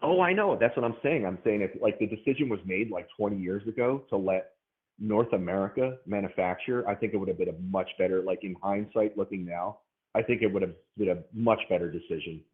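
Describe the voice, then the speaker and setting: A man's voice: lowish voice, fairly quick. A man calling into a casual debate, hesitant and restarting his sentences often. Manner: hesitant, restarts and repeats words. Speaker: caller in a debate. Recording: tinny phone line.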